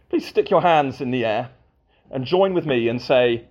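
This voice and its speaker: A man's voice: medium pitch, expressive, normal speed, a little mellow, muffled recording. A man preaching a sermon to a congregation, with playful asides.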